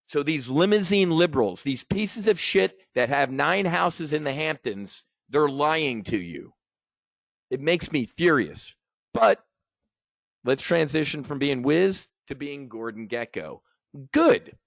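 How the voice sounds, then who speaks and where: A man's voice: on the high side, lively intonation, unhurried, creaky, no echo, studio quality. A middle-aged man from the United States ranting angrily and emotionally to viewers, swearing and stumbling over restarts as he teaches trading. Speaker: trading educator. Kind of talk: impassioned rant to viewers.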